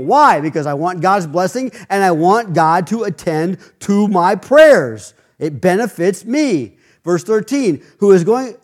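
A man preaching a sermon in a conversational, storytelling way, mixing scripture reading with anecdotes and restarts. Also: sits high.

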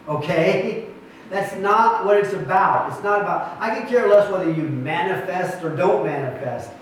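This pastor's voice sits high and moves at a moderate pace, with a little background hiss or hum. Earnest and emphatic, he teaches his congregation group and keeps starting over mid-thought. It was captured from a distance in a room full of echo.

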